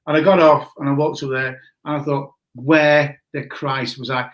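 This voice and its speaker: A man in his forties telling a story in a casual chat, animated and laughing often, greeting viewers as he goes. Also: medium pitch, normal speed. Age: 40s. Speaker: guest.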